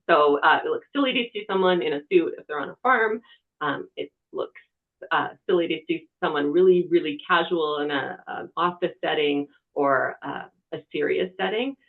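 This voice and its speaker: A TV reporter presenting a webinar, giving practical media-training advice in a conversational way, from a quiet room. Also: mid-range voice, creaky. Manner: conversational, talks with hands. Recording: tinny phone-like webinar audio.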